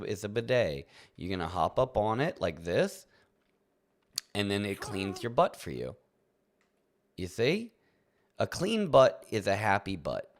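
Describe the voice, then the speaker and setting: Deep-voiced man chatting on a playful stream. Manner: playful, rambling, chuckles often, talks to chat. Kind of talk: casual livestream chat while playing.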